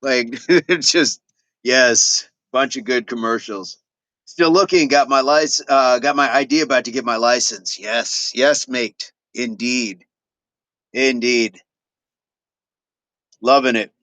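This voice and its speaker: A middle-aged man hosts a fitness livestream, chatting casually with viewers and repeating affirmations while reading their comments. His voice sits at a medium pitch and sounds unhurried, pushed and bright, with no echo.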